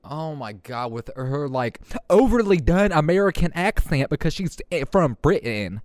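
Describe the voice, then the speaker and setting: A man's voice: on the high side, normal speed, dry recording, studio quality. A young man hosting a podcast, ranting casually with lots of swearing. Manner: profane, animated ranting. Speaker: podcast host.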